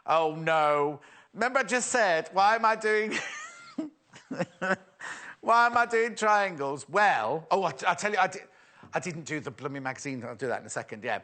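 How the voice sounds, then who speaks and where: A man's voice: high-pitched, expressive, moderate pace, sharp tone. A man hosting a live shopping show, chatty and self-mocking, often giggling at his own jokes. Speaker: shopping channel presenter. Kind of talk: live TV sales chat.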